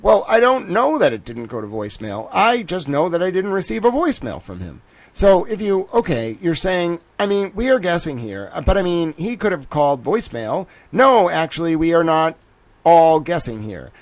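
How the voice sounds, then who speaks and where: A livestream host reads a court transcript aloud, regularly stopping to laugh and react with amused disbelief. His voice is a little high and sing-song, at a moderate pace.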